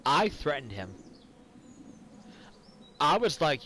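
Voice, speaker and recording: A man's voice: mid-range voice, slow pace, fairly bright tone, a little hiss or hum, poor audio. A tipsy man, rambling and swearing through casual game commentary after some whiskey. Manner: rambling and profane. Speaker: gaming commentator.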